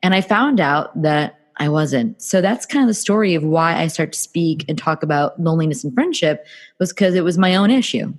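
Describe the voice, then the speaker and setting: A woman's voice: deep voice, animated, moderate pace. A woman from New Jersey in her thirties, a podcast guest telling her own story candidly in casual talk. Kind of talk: casual interview.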